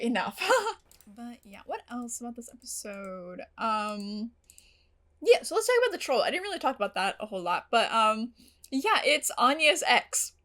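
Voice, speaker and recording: Young woman vlogger, slightly high voice, giggly and gushing, casual swearing, excited pitch jumps. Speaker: reaction channel host. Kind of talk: casual vlog recap.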